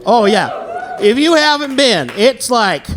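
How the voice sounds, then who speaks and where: A man's voice: very high-pitched, very animated, takes it slowly, fairly bright tone, slight background noise. A man in his thirties from the American South doing a self-deprecating stand-up set, chatting with the crowd between jokes. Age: 30s. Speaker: stand-up comedian. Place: comedy venue with live audience. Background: audience laughter.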